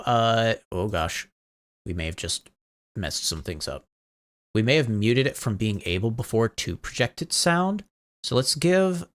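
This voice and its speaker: A game streamer with a somewhat low, slightly bright voice wanders from topic to topic, laughing a lot as he works through audio issues with viewers. The whole thing is loose, casual live-stream banter.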